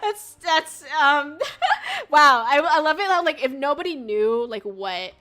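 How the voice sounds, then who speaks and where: Chatting casually with her viewers, this young VTuber streamer talks in an unhurried way with lively intonation, rambling along and swearing with plenty of fillers. Her voice is bright, forward and a touch high, over faint background music.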